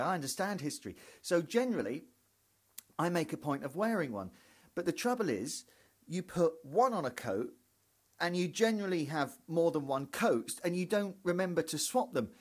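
A man telling a rambling, self-mocking comic story on a podcast, acting out little scenes as he goes. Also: a little high. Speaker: comedian podcaster.

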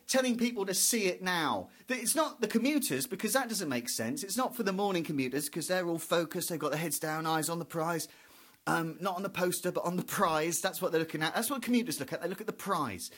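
Rambling male stand-up, fairly high, incredulous comic monologue. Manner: incredulous, spiralling hypotheticals. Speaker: stand-up comedian.

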